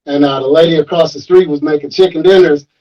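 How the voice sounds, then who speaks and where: A man with a fairly high voice tells a story in casual, profane chat, acting out the voices of the people in it. The sound is dull and lo-fi. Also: quick pace. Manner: animated, profane, acts out quoted voices. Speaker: rapper guest.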